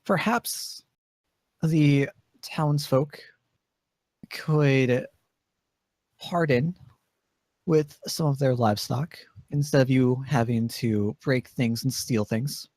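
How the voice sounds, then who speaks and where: A man playing a tabletop game, speaking his character hesitantly with many pauses and fillers. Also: medium pitch, steady tone, darkish tone, no echo. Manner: hesitant, halting, many uhs. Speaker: player. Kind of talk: tabletop role-play in character.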